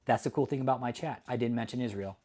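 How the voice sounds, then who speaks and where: A man's voice: mid-range voice, quick pace, a little mellow, slight background noise. Profane, heated man streaming to chat. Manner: profane, heated, laughs often; talks directly to chat viewers. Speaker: livestream host. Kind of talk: casual livestream commentary to chat.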